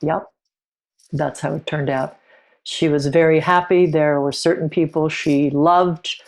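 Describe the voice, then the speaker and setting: A middle-aged woman who is a podcast guest, telling a personal story in a reflective, halting way with frequent restarts. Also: sits low, fairly even intonation.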